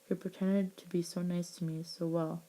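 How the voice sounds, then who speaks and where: A woman reads her own adventure story aloud in a low, mellow voice. Her delivery stays flat and even, and she often stumbles and restarts mid-sentence. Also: slight background noise. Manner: halting, with frequent restarts. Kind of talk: reading a homemade story aloud.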